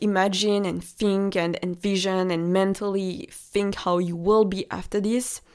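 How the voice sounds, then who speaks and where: Slow, encouraging French-accented woman. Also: medium pitch, darkish tone, clear, resonant tone. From France. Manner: slow, encouraging, speaks directly to the listener. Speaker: podcast host and relationship coach. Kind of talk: motivational podcast monologue.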